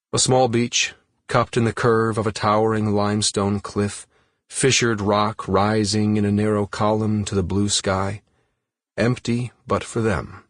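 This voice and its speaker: A man narrating an unabridged thriller audiobook in a measured, steady reading voice. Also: lowish voice, dry recording, studio quality.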